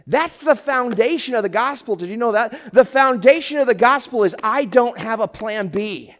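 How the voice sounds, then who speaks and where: A man preaching a sermon as pastor, acting out quoted cries and swinging from hushed asides to shouting, with frequent repeats and restarts. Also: high voice, moderate pace.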